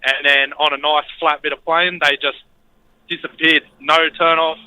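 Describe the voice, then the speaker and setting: A man's voice: a little high, little pitch movement, normal speed, sharp tone, clear, resonant tone, poor audio. An Australian man calling in to a radio show, telling a story in a laid-back, hesitant way. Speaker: caller. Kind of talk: phone-in story.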